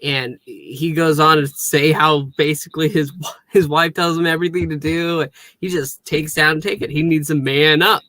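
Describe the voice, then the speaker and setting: A man's voice: on the high side, steady tone, moderate pace, few pauses, sharp tone, no echo. A man co-hosting a casual episode recap, chatty, adding jokes and laughing along. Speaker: podcast co-host.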